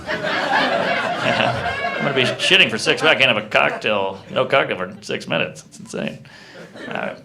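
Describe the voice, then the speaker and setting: A man doing a stand-up comedy set in a live club, delivering deadpan one-liners with quick asides to the crowd. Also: mid-range voice, gravelly.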